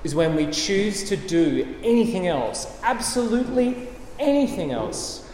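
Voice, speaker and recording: A man's voice: high voice, sing-song, a little slow, darkish tone, slight background noise. A man preaching a sermon, emphatic and repetitive, with light chuckles. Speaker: pastor. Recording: echoey hall with faint ambience.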